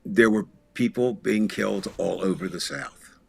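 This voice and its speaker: A man co-hosting a political talk show, speaking in a measured, storytelling way. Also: fairly low pitch, creaky, husky, dry recording. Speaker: podcast co-host.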